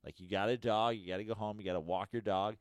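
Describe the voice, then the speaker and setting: A man's voice: on the low side, steady tone, fast, no echo. A man in his late thirties co-hosting a podcast, talking casually and candidly with frequent swearing. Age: late 30s. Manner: candid, profane, rambling. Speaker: podcast co-host. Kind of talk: casual chat.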